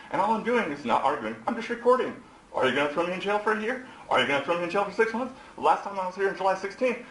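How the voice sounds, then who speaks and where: A hoarse man in his forties, a defendant addressing the court in a heated, accusatory rant. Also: high-pitched, fairly bright tone, a little hiss or hum. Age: 40s. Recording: echoey courtroom recording.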